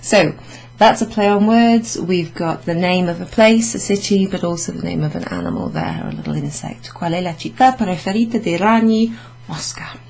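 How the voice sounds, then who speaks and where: A woman teaching Italian in a relaxed, chatty classroom way, laughing often and saying her examples slowly. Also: on the low side, gravelly, a little hiss or hum, poor audio. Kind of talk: casual classroom explanation.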